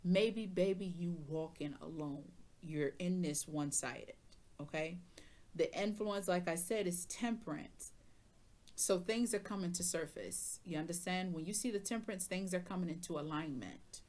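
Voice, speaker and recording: A woman's voice: fairly low pitch, normal speed, darkish tone. A woman giving a casual tarot reading, sassy and chatty, talking straight to the viewer in loose slang and asking if they understand. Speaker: tarot reader.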